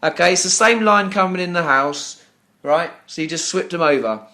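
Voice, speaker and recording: This is an exasperated British man with a high, strained voice, venting at a customer service agent. His complaint turns sarcastic and profane, and he stumbles over the same words again and again. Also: normal speed, pushed and bright. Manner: furious, ranting, sarcastic, stammering repetitions; swears often. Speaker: business owner calling customer service. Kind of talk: phone complaint call.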